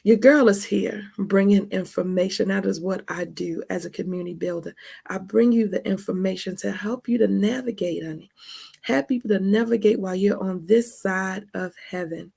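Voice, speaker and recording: Woman podcast host, Baltimore accent with some Texas twang, casual and chatty, laughs often, gravelly voice. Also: medium pitch, normal speed, dark tone. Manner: chatty, calls listeners honey and y'all; laughs often mid-sentence. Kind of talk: casual spoken monologue.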